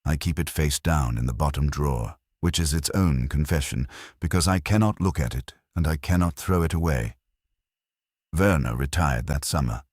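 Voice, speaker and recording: A man narrating a first-person horror story in a measured, somber, confessional way. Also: very deep voice, no room sound, studio quality.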